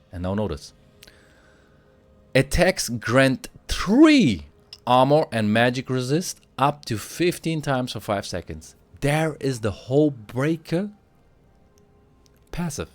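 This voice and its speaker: A man who is a little sick, explaining a video game item build and reading item stats aloud, getting excited as he hypes the items. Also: medium pitch, no echo. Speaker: game guide creator. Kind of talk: gameplay guide commentary.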